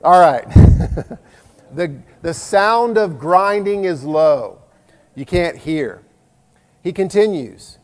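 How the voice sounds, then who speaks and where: A man's voice: on the high side, unhurried, darkish tone. A man, preaching a sermon in a folksy, self-deprecating way with jokes. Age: 50s. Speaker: pastor. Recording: long hall reverb.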